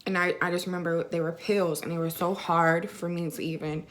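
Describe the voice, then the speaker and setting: A woman's voice: on the low side, little pitch movement, fairly quick. A young woman vlogger casually telling a personal story to camera, filling her talk with "like" and "you know.". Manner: chatty, many fillers like "like" and "you know".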